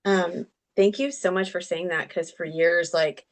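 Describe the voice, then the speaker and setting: A woman's voice: on the low side, fairly even intonation, unhurried. A woman taking part in an online class, speaking hesitantly, stopping and restarting with "like" and "um". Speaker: class participant.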